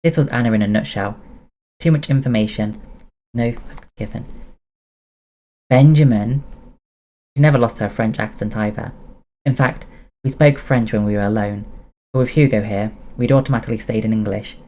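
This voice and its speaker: A man reading a novel aloud as first-person narration, steady with occasional laughs. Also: lowish voice, a little fast.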